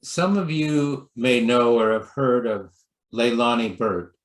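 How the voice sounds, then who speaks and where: Male pastor, slow gentle sermon storyteller, mid-pitched, roomy echo. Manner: gentle, storytelling, with lively acted quotes. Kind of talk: sermon talk.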